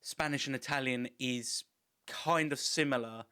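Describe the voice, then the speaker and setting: A man's voice: mid-range voice, unhurried, pushed and bright, smooth. A man from England hosting a podcast, chatting casually and encouragingly, with the odd casual swear. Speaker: podcast host. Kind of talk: casual interview chat.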